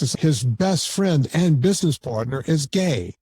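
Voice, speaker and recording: Blunt, mellow-voiced man. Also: medium pitch, lively intonation, a little slow, husky, no room sound. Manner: blunt and argumentative, with frequent stammered restarts. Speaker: podcast guest, documentary filmmaker. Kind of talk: casual podcast conversation.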